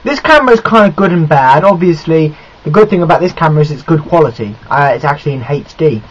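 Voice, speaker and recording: A man's voice: fairly high pitch, lively intonation, fast talker, breathy edge. A young man rambling chattily as he reviews a film in a casual video diary, often restarting his sentences, recorded on a built-in camera microphone. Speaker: film vlogger. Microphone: built-in camera mic. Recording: muffled lo-fi camera mic.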